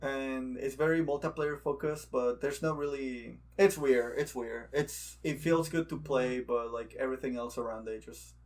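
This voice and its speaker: A man co-hosting a casual gaming podcast, relaxed and quick to laugh, who grew up outside the United States. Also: mid-range voice. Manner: laid-back, laughs often, repeats jokes. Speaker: podcast co-host. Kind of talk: casual chat.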